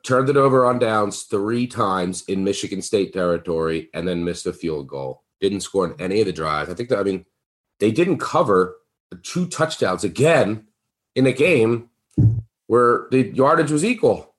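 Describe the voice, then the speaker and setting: A man hosting a sports betting podcast, chatting casually and getting excited in sudden bursts. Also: normal speed. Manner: excitable, big leaps in pitch. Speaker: podcast host.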